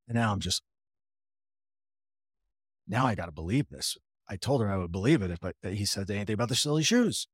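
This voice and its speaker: A man's voice: fairly low pitch, lively intonation, fairly quick, pauses often, husky, no echo, clean studio sound. A man telling his personal story in a conversational way, retelling what others said with frequent restarts and wry, self-deprecating asides. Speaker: interview guest.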